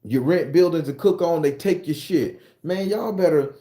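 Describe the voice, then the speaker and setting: A man's voice: fairly high pitch, moderate pace, warm tone. A man from the United States ranting bluntly and profanely in a casual monologue, working himself up as he goes. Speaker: commentator.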